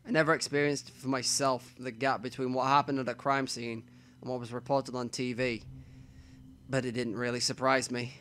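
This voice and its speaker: A man reading a visual novel aloud as the host of a let's play, with quiet asides to himself between stretches of narration. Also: medium pitch, level tone, moderate pace, a little hiss or hum.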